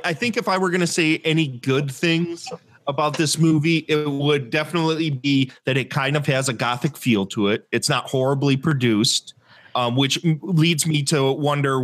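A man's voice: a little high, fairly bright tone. A man co-hosting a casual movie review podcast, blunt and profane, laughing often as he talks. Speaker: podcast co-host.

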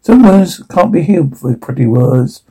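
A man reading the measured, formal lines of a remorseful older father in a drama. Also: fairly high pitch, animated, mellow, husky. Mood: somber.

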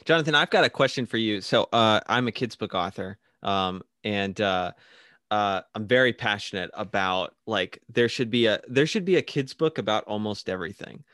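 A man's voice: fairly low pitch, moderate pace, sharp tone, dry recording, clean studio sound. A man hosting an interview in a casual, easygoing way, with frequent fillers and laughs. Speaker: podcast host, children's book author.

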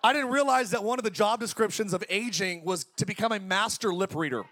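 High-voiced energetic preacher man in his forties. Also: brisk. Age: 40s. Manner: energetic, conversational preaching with jokes. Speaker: pastor. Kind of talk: sermon.

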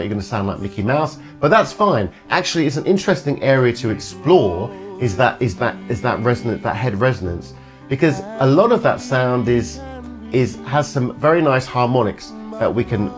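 Male singer and voice coach explaining resonance in a relaxed lesson; soft music bed. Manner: demonstrates voices, breaks into falsetto singing.

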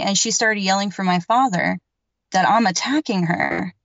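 A woman's voice: medium pitch, moderate pace, fairly bright tone, no echo. A woman recounting her own story to an interviewer in a loose, emphatic way, packing her sentences with filler words and the odd curse. The sound is a little dull and lo-fi, and the room is dead and dry. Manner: rambling and emphatic, heavy on filler words, swears freely. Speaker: podcast guest telling a paranormal story.

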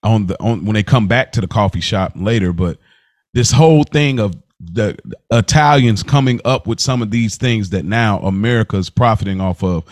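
His voice is fairly low as he co-hosts a podcast, chatting casually and reviewing a TV episode. Laid-back and slangy, he laughs often and restarts quickly. Dry recording, clean studio sound.

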